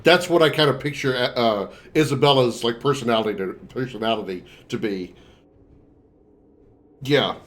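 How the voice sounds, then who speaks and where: A man's voice: medium pitch, moderate pace, fairly bright tone. A male streamer chatting casually and laughing as he comments on a game he is playing, swearing now and then. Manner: chatty, giggly, profane.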